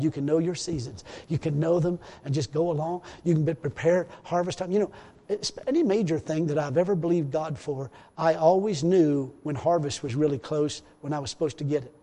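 A man's voice: a little high, warm tone, long reverb tail. A man preaching a rambling, repetitive sermon in a church, full of hallelujahs. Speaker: pastor.

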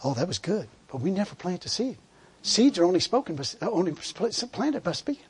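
A man's voice: sits high, very animated, brisk, darkish tone. A man preaching a sermon in a fervent, conversational way, repeating words and laughing as he tells a story.

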